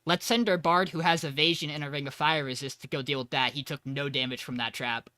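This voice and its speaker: A man's voice: fairly high pitch, fairly even intonation, a little fast, sharp tone, no echo, clean studio sound. A man co-hosting a podcast, casually retelling a tabletop game session and acting out quoted lines. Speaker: podcast co-host. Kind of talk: casual storytelling recap.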